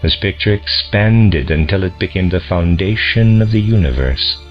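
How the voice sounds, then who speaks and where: A man reading a lecture aloud in a slow, deliberate, solemn manner, on a dull lo-fi recording. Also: low-pitched, faint music behind. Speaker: audiobook reader.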